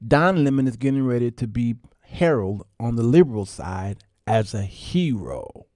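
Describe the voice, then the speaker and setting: A man's voice: medium pitch, big pitch swings, normal speed, mellow, no echo, studio quality. A man hosting a casual livestream, talking folksy to his viewers and laughing often. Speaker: show host.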